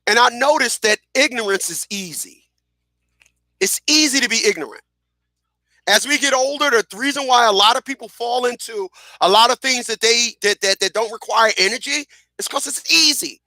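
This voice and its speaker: A middle-aged man hosting a radio show, telling stories in a casual, animated way, repeating phrases and acting out what people said. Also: very high-pitched, moderate pace, no echo, clean studio sound. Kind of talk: casual storytelling monologue.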